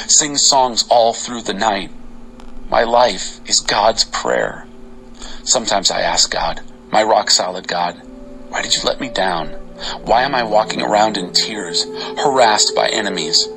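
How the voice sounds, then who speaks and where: A man giving an expressive, dramatic reading of Bible psalms over faint music. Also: fairly low pitch, low-quality recording. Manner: expressive, varied delivery. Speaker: scripture reader.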